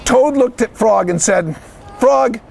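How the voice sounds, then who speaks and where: A high-voiced man with a gravelly rasp tells a picture-book story to children. He narrates with animated bursts of shouting and keeps quizzing his young listeners. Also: measured pace, a little hiss or hum. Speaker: head of school, storyteller.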